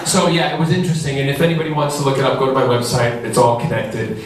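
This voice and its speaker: Breathless, animated man in an echoey hall. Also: medium pitch, fast talker. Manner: lively, jokey, breathless anecdotes. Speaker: celebrity panel guest. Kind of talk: animated storytelling on a convention panel. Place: large convention hall. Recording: echoey hall recorded from far off with faint noise.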